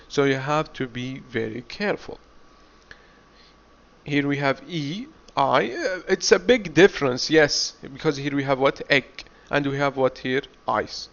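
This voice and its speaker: A man teaching an English class, drilling words slowly and often asking "what?" before answering his own question. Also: a little high, a bit bright. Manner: slow, deliberate drilling, asks himself "what?" and answers. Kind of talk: classroom lecture. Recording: dull lo-fi recording.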